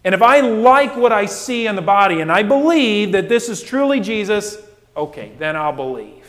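A man voicing a stubborn, doubting male disciple who insists on proof, speaking loudly and insistently in a reverberant hall. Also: sits high, very animated, moderate pace, voice pushed up.

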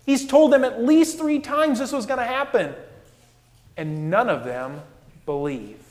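A man's voice: extremely high pitch, lively intonation, a little slow, darkish tone, long reverb tail. A male pastor preaching a sermon, emphatic and full of rhetorical questions.

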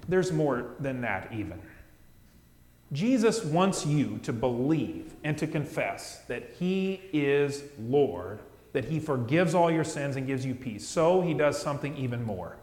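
A man preaching a sermon as pastor, talking directly and earnestly to the congregation and dropping to soft, hushed phrases for emphasis. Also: fairly high pitch. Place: church sanctuary. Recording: echoey church with long reverb.

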